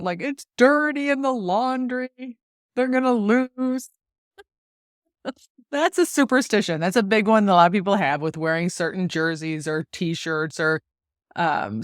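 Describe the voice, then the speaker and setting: A woman in her forties from the United States, hosting a solo podcast and telling stories in a chatty, lively way with frequent laughs. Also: fairly low pitch, dry recording, studio quality. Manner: chatty, animated storytelling with laughs. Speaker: podcast host and golf coach.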